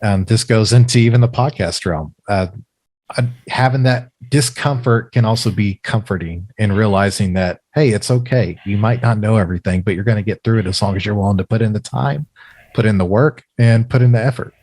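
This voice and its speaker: Low-voiced guy, dry close sound, calm thoughtful advice on a podcast. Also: no echo. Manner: thoughtful, measured advice with fillers. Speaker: biomed and podcast host. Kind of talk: casual podcast chat.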